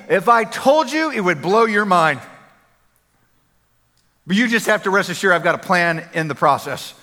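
A man preaching a sermon as a pastor, energetic and conversational, repeating phrases for emphasis. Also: high-pitched, normal speed, long pauses. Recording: long hall reverb.

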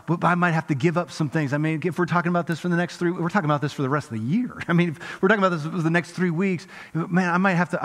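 A middle-aged male pastor preaching a sermon, swinging from lively emphasis to hushed intensity. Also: a little high. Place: large church hall. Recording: reverberant church hall.

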